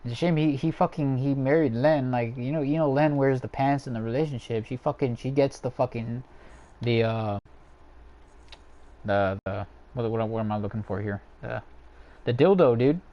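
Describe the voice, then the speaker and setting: A man's voice: medium pitch, moderate pace, warm tone, lo-fi sound. A young man hosting a livestream from home, ranting casually and profanely with many fillers and restarts. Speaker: livestream host ranking characters.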